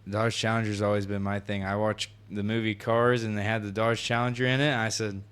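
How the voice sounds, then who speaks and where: A man's voice: on the low side, flat delivery, brisk, a bit bright, clear, resonant tone. A nineteen-year-old man chatting casually on a podcast, laughing, swearing and acting out what people said. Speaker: podcast co-host. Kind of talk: casual chat.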